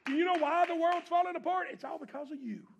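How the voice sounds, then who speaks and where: A pastor preaching an impassioned sermon to a congregation in a church. He urges the listeners on, swinging from shouting to hushed, low passages. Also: fast talker, creaky, a little hiss or hum. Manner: repeated call-and-response exhortations to the congregation.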